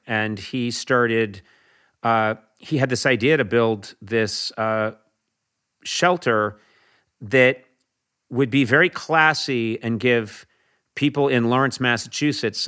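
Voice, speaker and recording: A man chatting casually as a guest, telling lively anecdotes. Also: fairly low pitch. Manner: animated storyteller, slips into Irish voices for laughs. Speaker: talk show host, guest.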